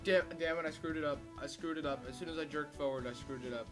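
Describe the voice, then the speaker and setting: Young man, let's play commentary, rambling and joking, slightly high voice, loud game music. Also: steady tone, fast. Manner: rambling, joking, crude asides. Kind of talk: casual gameplay commentary.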